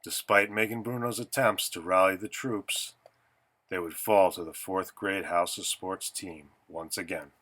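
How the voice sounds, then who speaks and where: Deep, bright-toned male documentary narrator. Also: fairly even intonation. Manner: measured recap delivery.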